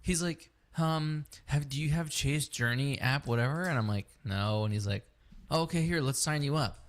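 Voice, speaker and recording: A man's voice: a little high, normal speed. A man telling a story, cursing often. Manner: animated, profane, acts out both sides of the story. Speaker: podcast co-host. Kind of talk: casual storytelling chat.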